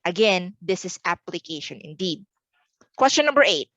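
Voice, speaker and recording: A woman's voice: lowish voice, very animated, moderate pace, fairly bright tone, no room sound, poor audio. A woman from the Philippines giving an online exam review lesson, repeating words carefully for pronunciation drills.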